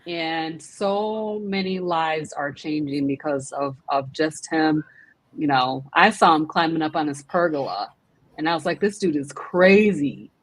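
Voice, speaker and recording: Woman, stream host, low voice, husky, gushing, casual chat. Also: unhurried, a bit bright, no room sound. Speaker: livestream host.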